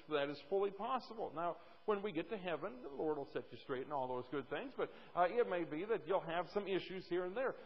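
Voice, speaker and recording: A man's voice: high-pitched, breathy edge, big-room sound, dull audio. A male pastor preaching a sermon emphatically, repeating words for stress, at a church pulpit mic.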